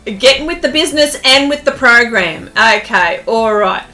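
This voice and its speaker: A woman's voice: on the high side, animated, moderate pace, bright, forceful tone, soft background music. An Australian woman hosting an art live stream in bubbly, casual chat, full of fillers and giggly greetings.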